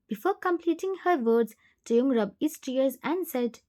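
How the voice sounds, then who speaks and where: High-voiced woman narrating a story. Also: lively intonation, a little slow, a little mellow. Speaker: fan fiction voiceover narrator. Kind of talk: second-person story narration.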